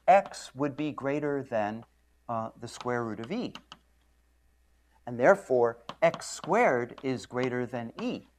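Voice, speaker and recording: A man giving a university physics lecture in an animated storytelling manner, clearing his throat often. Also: medium pitch. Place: lecture room.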